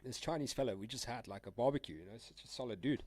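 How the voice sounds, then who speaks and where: A man's voice: medium pitch, fast talker, a little mellow, no echo. A young man chatting casually on a live trading stream, rambling and slangy with frequent laughs. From South Africa. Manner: laid-back, rambling, slangy, laughs often. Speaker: trading livestreamer.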